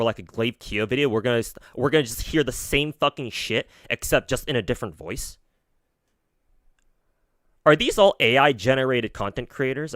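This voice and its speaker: A man's voice: medium pitch, fairly bright tone, no echo, clean studio sound. A man streaming, reacting to a video with mocking, profane, sarcastic commentary.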